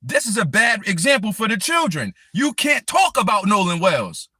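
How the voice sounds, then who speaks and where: Hosting a heated live stream, this man speaks straight at his target in an angry rant. His voice sits high and is very animated and sharp, at a moderate pace with few pauses, captured in a dry recording.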